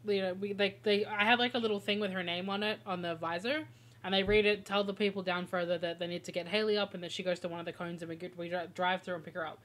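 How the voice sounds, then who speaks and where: Bright-voiced woman streamer, laughing a lot. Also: lowish voice, fairly even intonation, quick pace. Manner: chatty storyteller who laughs often. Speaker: game streamer. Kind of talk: casual gameplay chat.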